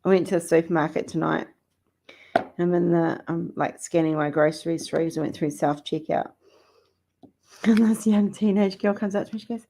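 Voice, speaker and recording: Chatty middle-aged woman host of a live chat stream, fairly low voice, laughs easily. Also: fairly even intonation, a little slow, vocal fry, long pauses, mellow. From Australia or New Zealand. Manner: chatty, affectionate, laughs often. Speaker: livestream host. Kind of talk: casual live chat with viewers.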